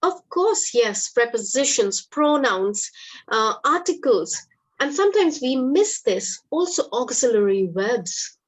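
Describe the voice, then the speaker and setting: Her fairly high, sing-song voice moves slowly through a live online English class. Despite poor audio, she explains things patiently and encouragingly.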